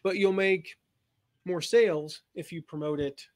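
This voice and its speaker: Man, fairly high voice, casual webinar host, rambling, filler-heavy. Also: measured pace.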